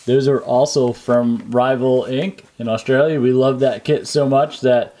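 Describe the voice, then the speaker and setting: A man in his thirties hosts a casual vlog with an easygoing, friendly delivery. He walks his kids and viewers through things in plain, relaxed words. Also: mid-range voice, measured pace. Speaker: YouTube channel host and dad.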